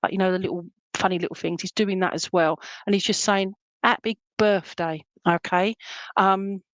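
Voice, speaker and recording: A woman's voice: medium pitch, steady tone, moderate pace, dry recording, poor audio. A middle-aged woman, giving a live psychic reading. She relays messages in a chatty way and keeps checking in with "okay?" and "all right?". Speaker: psychic medium.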